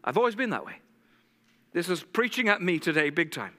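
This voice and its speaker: Male lead pastor, high-ish sharp voice, intense fast preaching, long church echo. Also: very animated. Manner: intense, fast-talking preacher who drops to a soft hush for scripture. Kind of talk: sermon. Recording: long church hall reverb.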